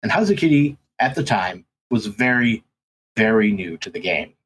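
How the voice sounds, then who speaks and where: A man's voice: fairly low pitch, very animated, normal speed, a bit bright, slightly rough, rough recording. A man guesting on a podcast, telling stories in casual chat with lots of ums and restarts. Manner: rambling, many ums and restarts. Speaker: podcast guest, race commentator.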